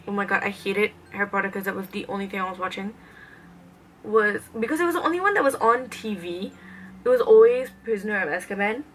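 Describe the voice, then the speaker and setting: Bright-voiced young woman chatting through makeup. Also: mid-range voice, a little hiss or hum, rough recording. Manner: chatty, rambling, lots of "like". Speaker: beauty vlogger. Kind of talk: casual makeup tutorial chat.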